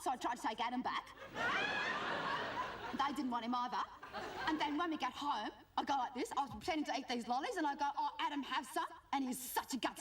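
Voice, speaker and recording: A woman's voice: high-pitched, very noisy. A whiny Australian teenage schoolgirl. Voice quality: whiny and nasal, with lots of "like" and "guess what". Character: cheeky, gossipy teenage schoolgirl. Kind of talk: live sketch comedy monologue. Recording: distant stage mic, loud audience laughter. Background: live audience laughing.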